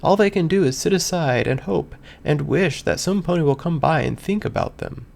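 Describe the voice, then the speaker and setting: A man voicing a cheerful, gentle pony mare who talks in a soft, earnest, lilting way. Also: on the high side, animated, normal speed, creaky, pitched above the performer's own voice. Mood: gentle coaxing.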